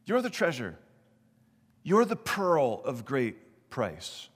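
A man's voice: mid-range voice, huge pitch swings, takes it slowly, slightly rough. Earnest male pastor in reverberant hall. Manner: earnest storytelling with emphatic rises. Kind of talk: sermon.

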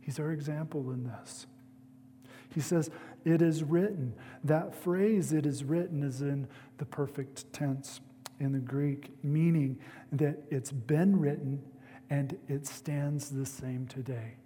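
A man preaching a sermon as a pastor, speaking in a measured way with pauses. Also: mid-range voice, fairly even intonation, dark tone, long reverb tail.

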